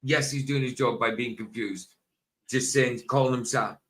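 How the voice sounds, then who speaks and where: A man co-hosting a casual group chat show, joking and animated, often tripping over his words. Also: mid-range voice, moderate pace. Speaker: podcast co-host.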